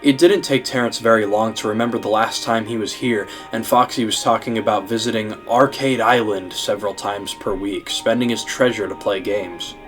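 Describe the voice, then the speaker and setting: A man reading a horror fan story aloud in steady, scripted narration, over background music. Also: fairly low pitch, moderate pace, hardly any pauses.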